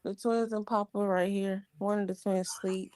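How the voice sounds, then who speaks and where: A woman's voice: mid-range voice, flat delivery, moderate pace, a little mellow. A young woman chatting casually on a livestream, greeting viewers and talking about her kids while burping a baby.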